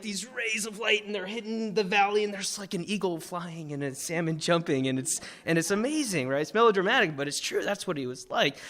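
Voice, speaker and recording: A young man from Florida telling an emotional personal story on stage, animated, full of likes and fillers. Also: high-pitched. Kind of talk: live personal storytelling talk.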